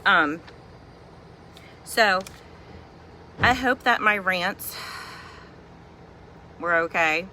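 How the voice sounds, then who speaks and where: A middle-aged mother from Virginia vents in a chatty, humorous home vlog. Her voice sounds bright and a little sharp. She keeps an exasperated, joking tone, and a faint hum sits in the background. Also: medium pitch, extremely slow, long pauses. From Virginia, USA. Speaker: vlogger and mother. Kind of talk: casual ranting vlog.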